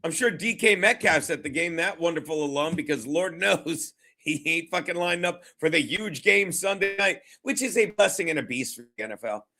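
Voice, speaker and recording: Bright-voiced, profane sports show host. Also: male voice, fairly high pitch, lively intonation, normal speed, creaky, few pauses. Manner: rambling, profane, jokey. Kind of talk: casual sports talk show.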